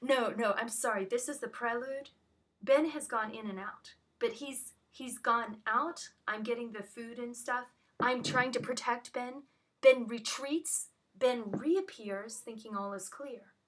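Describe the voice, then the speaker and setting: Her voice is on the high side, unhurried and fairly bright as she tells a caller what happened. Agitated and rambling, she keeps restarting in this emotional phone conversation.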